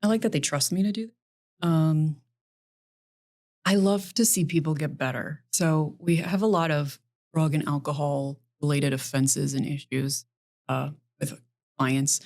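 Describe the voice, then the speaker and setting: A middle-aged woman, a criminal defense attorney, chatting as a podcast guest, earnest and listing things in quick runs. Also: deep voice, fairly even intonation, darkish tone. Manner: earnest, talks in quick lists. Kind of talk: casual interview chat.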